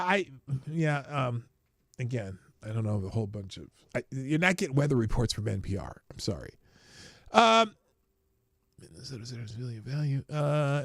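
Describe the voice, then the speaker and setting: A male livestream host whose pitch jumps around a lot as he reacts. His voice has a gravelly edge, and he sounds sarcastic and exasperated as he reads viewer comments. The sound is close and dry, with no room around it. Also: no echo.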